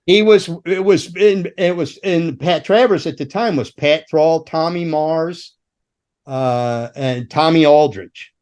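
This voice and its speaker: A man's voice: fairly high pitch, slow pace. A middle-aged man from the United States, a former roadie on a podcast, telling rambling, profane road stories and acting out the people he quotes. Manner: rambling, profane, animated storyteller who acts out quotes. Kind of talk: casual storytelling chat.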